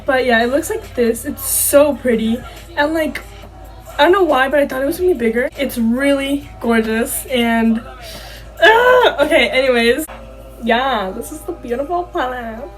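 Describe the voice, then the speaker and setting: A chatty young woman with a bright, high voice talks her way through a makeup tutorial, a little self-conscious and quick to laugh at herself. She speaks into a camera mic, with faint music playing softly behind her. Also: poor audio. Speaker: beauty vlogger. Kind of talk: casual makeup tutorial chat. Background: faint background music.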